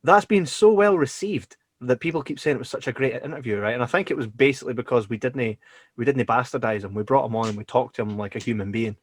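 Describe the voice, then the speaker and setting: A Scottish co-host of a podcast chats casually and jokily, his mid-range voice fast with a breathy edge and no echo. He's lively and swears freely.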